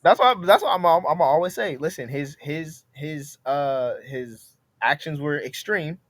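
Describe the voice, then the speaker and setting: A man co-hosting a podcast in casual chat, telling animated stories and repeating his words as he builds a point. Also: fairly high pitch, a little slow. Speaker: podcast co-host.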